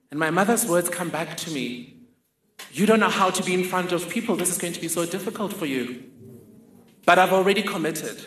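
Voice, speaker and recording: Man, storyteller with dry humor, bright and a bit high, roomy hall sound. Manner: humorous, vivid personal storytelling. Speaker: speaker. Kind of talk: storytelling talk.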